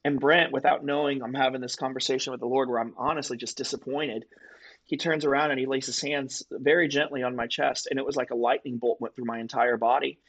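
A man's voice: mid-range voice, fairly even intonation, brisk, a bit bright, poor audio. A man as a podcast guest, telling a personal faith story in an earnest, vivid conversational way. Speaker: guest telling his testimony.

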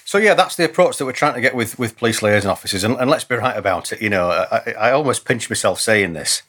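A man's voice: fairly low pitch, animated, fast talker, fairly bright tone. A man, a senior police officer, talking earnestly as an interview guest, often restarting and repeating words as he thinks. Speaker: police chief superintendent, guest. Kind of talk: conversational interview.

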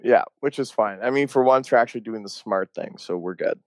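A man's voice: fairly low pitch, fairly quick, darkish tone, no room sound. Young man, laid-back slangy podcast chatter. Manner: swearing, laughing, slangy. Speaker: podcast co-host. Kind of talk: casual chat.

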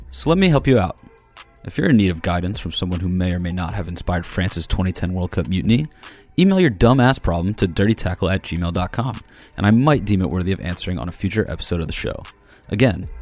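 A brash, boastful football guru holds forth in a very deep, low voice, as a man puts him on. Faint music plays behind him as he talks. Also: darkish tone. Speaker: segment character.

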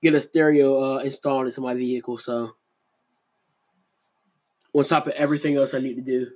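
A man's voice: mid-range voice, level tone, a little fast, a little mellow. A man in casual chat about sports, teasing and bantering with his co-host.

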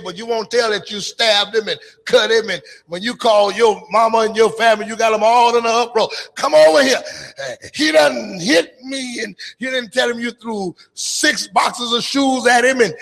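A man preaching a call-and-response church sermon, shouting and half-singing his lines with frequent hallelujahs, recorded in a church sanctuary. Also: high-pitched, gravelly. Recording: church hall reverb.

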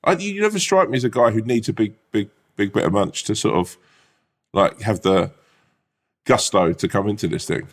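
A man's voice: lowish voice, animated, moderate pace. A man co-hosting a podcast, playful and teasing, swearing freely in casual chat. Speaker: podcast co-host.

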